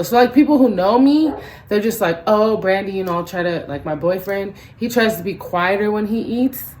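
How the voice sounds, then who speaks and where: Animated ranting young woman vlogger. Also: medium pitch, a little hiss or hum, low-quality recording. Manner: animated, profane, acts out both sides of the story. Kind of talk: ranting storytime vlog.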